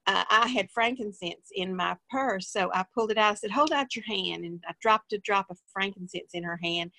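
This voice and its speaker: A woman's voice: mid-range voice, gravelly, pushed and bright, no echo. A woman guest in a casual interview, telling a story in a plain, rambling way with many fillers.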